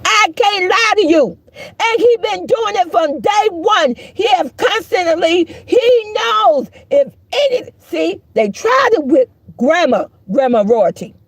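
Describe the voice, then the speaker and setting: A woman's voice: very high voice, animated, takes it slowly, dry recording. A middle-aged woman giving heated, profane, preachy live-stream commentary, mocking the people she talks about.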